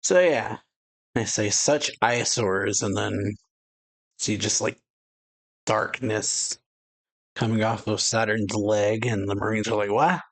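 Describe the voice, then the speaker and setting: Chill guy reading a manga out loud, slow and easygoing, lots of uh's. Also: fairly low pitch, steady tone, gravelly. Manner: laid-back, slow, filler-heavy. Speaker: reaction video host. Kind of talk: casual reading and commentary.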